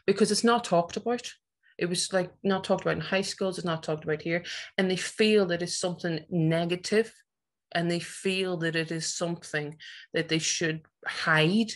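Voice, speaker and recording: Woman, Northern Irish accent, low voice, passionate, emphatic, teacher giving a talk. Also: steady tone, moderate pace. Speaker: teacher and conference speaker. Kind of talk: personal presentation talk.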